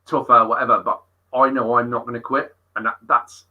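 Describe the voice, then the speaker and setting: A middle-aged man, a fitness coach being interviewed, telling stories in an animated way and swearing freely. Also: mid-range voice, fairly quick, narrow, tinny audio. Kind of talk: casual interview storytelling.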